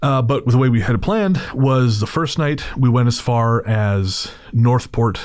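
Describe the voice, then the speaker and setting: A man hosting a podcast, telling a long story in a relaxed, digressive way and correcting himself as he goes. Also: mid-range voice, measured pace, dry recording, clean studio sound. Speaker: podcast host. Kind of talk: casual storytelling.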